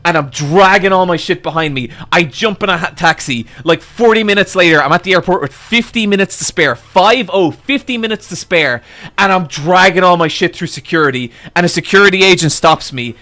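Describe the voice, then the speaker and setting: Man, streamer, animated storytelling, profane, exasperated, high-ish bright voice. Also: fairly quick. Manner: profane, exasperated, building to loud outbursts. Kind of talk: animated storytelling to a live chat.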